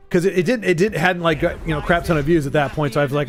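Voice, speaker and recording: A man's voice: fairly high pitch, steady tone, very fast. A man hosting a card game stream, chatting casually with rambling, self-deprecating jokes. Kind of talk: casual chat while gaming.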